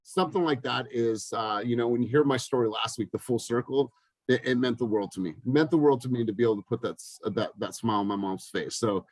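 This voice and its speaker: Man in his thirties, coach, group video call, lively storyteller, dry close sound. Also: mid-range voice, fast talker, no echo, low-quality recording. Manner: energetic storytelling with lively acted-out quotes. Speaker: business coach.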